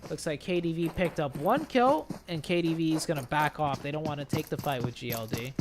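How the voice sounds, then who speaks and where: A man casting a mobile shooter tournament play-by-play, excitable, with bursts on big plays, tired from an early start. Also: fairly high pitch, fairly quick, background noise. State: tired, yawning. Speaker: esports caster. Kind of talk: play-by-play commentary.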